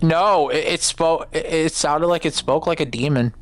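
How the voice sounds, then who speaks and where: A woman's voice: sits low, moderate pace. A woman co-hosting a let's-play, chatting casually and hesitantly with many filler sounds. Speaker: co-host.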